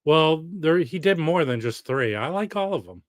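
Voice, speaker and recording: A man's voice: on the high side, expressive, moderate pace, dry recording. A man hosting a casual live stream alone, rambling and chatty as he reads out viewer comments.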